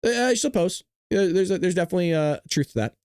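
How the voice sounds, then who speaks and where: Animated Southern Californian man hosting. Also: high voice, fast, clear, resonant tone, no echo, clean studio sound. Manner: joking, animated, rambling. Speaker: host. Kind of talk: livestream commentary. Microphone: close mic.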